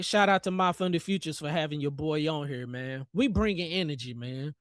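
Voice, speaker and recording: A man's voice: on the high side, normal speed, hardly any pauses, dry recording, clean studio sound. Hyped, slangy man hosting a trading stream. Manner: playful, hyped, joking with chat, slangy. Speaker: trading livestream host. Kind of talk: live trading commentary.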